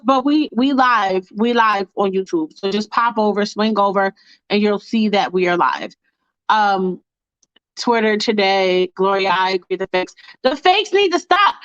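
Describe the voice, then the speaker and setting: High-pitched woman, blunt profane livestream rant, dry close sound, dull lo-fi audio. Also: a bit bright, no echo. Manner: blunt, profane, fired-up, talks to chat. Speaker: host of a fan livestream.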